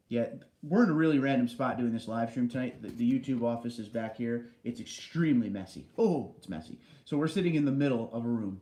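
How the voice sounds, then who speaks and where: A man's voice: medium pitch, mellow, roomy sound, rough recording. A man hosting a casual livestream, reading viewer comments aloud and answering them from a large basement room. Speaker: livestream host.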